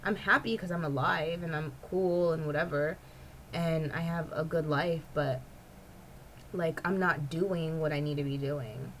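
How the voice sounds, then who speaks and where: A woman talking casually to her camera as a vlogger, with a somewhat low voice. She rambles from thought to thought and leans on "like" constantly. Faint noise sits behind her. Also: unhurried, rough recording. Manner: rambling, heavy use of "like". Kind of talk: casual personal chat to camera.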